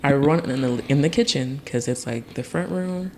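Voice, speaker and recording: There's a little hiss or hum as a young man from Tennessee, appearing on a podcast, animatedly tells a story from when he was a kid. Medium-pitched and moderately paced, he laughs and does other people's voices.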